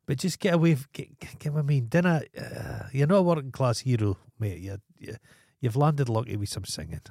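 A man's voice: mid-range voice, fairly quick, warm tone, dry recording, studio quality. A Scottish man co-hosting a podcast in casual chat, sardonic and crude, swearing freely. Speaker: podcast co-host.

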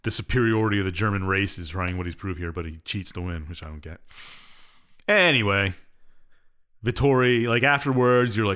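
On a podcast, a male co-host with a low-ish, fairly bright voice and brisk pace casually retells a game's story. He's rambling and offhand, packing in fillers and shrugging asides.

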